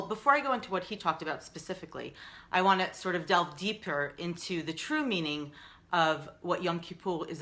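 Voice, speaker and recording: Low-voiced bright American woman. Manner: earnest, rambling with many ums and restarts. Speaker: live stream host, founder. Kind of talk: casual live stream talk.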